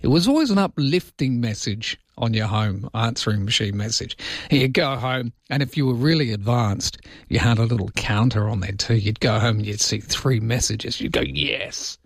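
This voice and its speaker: A man's voice: mid-range voice, normal speed, dry recording, studio quality. An Australian man hosting a morning radio show, chatting casually and joking between news items. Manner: chatty, joking, dips into mock voices.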